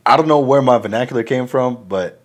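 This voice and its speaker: A man's voice: medium pitch, a little fast. A man joining a podcast as a guest, joking casually and trailing off with "I don't know.". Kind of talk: casual chat.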